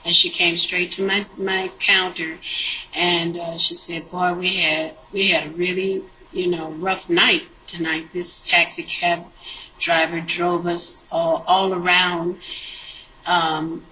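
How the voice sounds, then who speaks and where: Hesitant woman desk clerk, bright voice. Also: on the low side, flat delivery, slow, a little hiss or hum, low-quality recording. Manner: hesitant recollection with many fillers. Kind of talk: recounting events in an interview.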